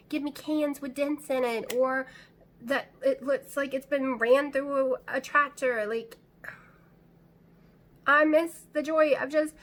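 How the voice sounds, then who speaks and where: A middle-aged woman vlogging from home, talking in a rambling, anxious, chatty way. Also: high voice. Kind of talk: casual chat to camera. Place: at home, indoors.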